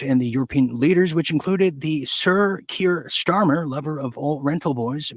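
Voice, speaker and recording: A man's voice: mid-range voice, slightly rough, dry recording. A man hosting an opinionated news commentary show, reading headlines and breaking off into sarcastic, ranting asides.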